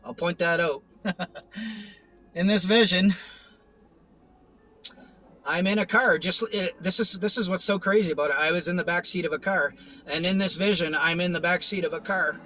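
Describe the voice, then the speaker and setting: A man's voice: high voice, normal speed, long pauses, sharp tone, soft background music, low-quality recording. A young man giving a rambling, earnest personal testimony, with many restarts and fillers. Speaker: testimony vlogger.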